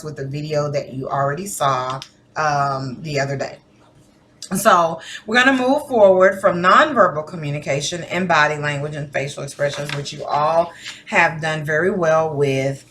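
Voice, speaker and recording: There's a faint hiss or hum behind this deep female voice. It belongs to a teacher recording a lesson for her students, talking conversationally and acting out assorted tones of voice with animation.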